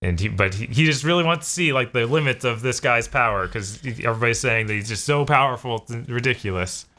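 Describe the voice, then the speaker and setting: A man's voice: mid-range voice, quick pace, sharp tone. A man co-hosting a casual podcast, recapping loosely with lots of fillers and easy laughter. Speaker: podcast co-host.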